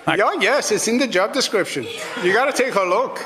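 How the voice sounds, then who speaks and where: A man's voice: high voice, lively intonation, brisk, in a large hall. A man speaking as a governor at a press briefing, joking as he brushes off a question. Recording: played press room clip with crowd.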